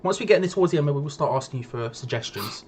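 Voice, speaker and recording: A man's voice: on the high side, expressive, rapid-fire, a little mellow, slight background noise. A young man, casually co-hosting a live football watch-along in a playful, repetitive way. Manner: chatty, playful, repeats himself for effect. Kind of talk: casual live-stream chat.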